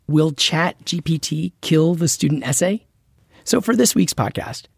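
Podcast host, husky and a bit gravelly, scripted narration, close dry mic. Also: medium pitch, darkish tone, dry recording. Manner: clear, measured explainer delivery.

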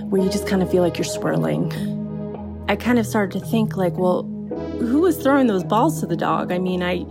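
In a relaxed, conversational manner with casual fillers, a woman recounts a true spooky story from her own experience. Her voice is medium-pitched.

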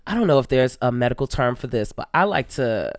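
A man who is a comedian and actor, chatting as a podcast guest, animated and giggly, often jumping into high playful voices. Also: brisk, no echo, clean studio sound. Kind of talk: casual podcast chat.

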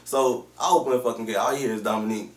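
A man co-hosting a podcast, telling a long story in a casual, slangy, animated way with lots of swearing. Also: medium pitch, rapid-fire. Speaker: podcast co-host. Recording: roomy, distant mic.

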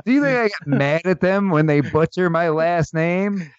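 A man hosting a casual podcast chat, joking and laughing often, with halting restarts. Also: fairly high pitch, animated, clear, resonant tone, no echo, muffled recording. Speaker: podcast host.

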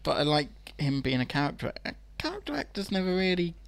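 A man's voice: fairly high pitch, big pitch swings, quick pace, creaky, no room sound. A man co-hosting a casual film chat, laid-back, laughing often and giving short dry answers. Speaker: podcast co-host. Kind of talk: casual chat about films.

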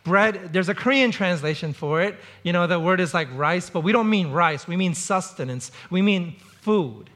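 A man's voice: sits high, normal speed, hardly any pauses, fairly bright tone. A middle-aged male pastor preaching a sermon in a conversational way, acting out quotes to illustrate his points.

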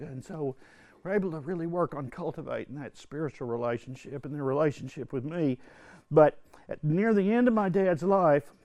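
An older man telling a personal story to a religious retreat group, earnest and halting, often restarting his sentences. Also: on the high side, a little mellow, dry recording. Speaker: retreat speaker. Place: indoor retreat hall.

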